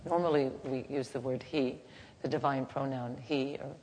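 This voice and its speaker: Low-voiced woman giving a gentle devotional talk. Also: fairly even intonation. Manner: gentle, unhurried, halting, softly chanting. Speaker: spiritual teacher. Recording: reverberant hall, faint background noise.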